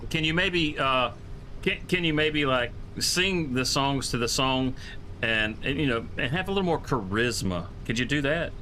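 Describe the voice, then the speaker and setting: A man streaming a farming game, chatting casually and excitably, rambling with swears and laughs. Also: medium pitch, moderate pace, slight background noise.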